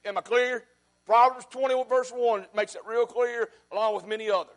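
A man preaching a sermon as pastor, repeating his phrases and swinging between loud and hushed. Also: very high voice, fairly even intonation, normal speed.

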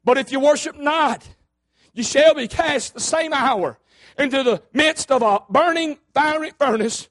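A man's voice: very high voice, a little slow, a bit bright. A man voicing a stern male pagan king who threatens his captives in old-fashioned scripture phrasing.

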